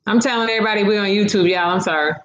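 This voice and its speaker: A woman's voice: medium pitch, rapid-fire, reverberant, dull audio. A woman hosting a casual livestream, reading viewer comments aloud and talking back to her audience with a sassy, laughing manner.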